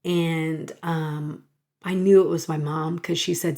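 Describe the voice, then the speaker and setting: A middle-aged woman tells a personal story on her podcast. She speaks slowly and gently in a slightly low voice. Her manner is emotional, with sighs and soft laughter, and at times her voice sinks to a near-whisper. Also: flat delivery. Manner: soft and slow, drops to a whisper in places. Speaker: podcast host.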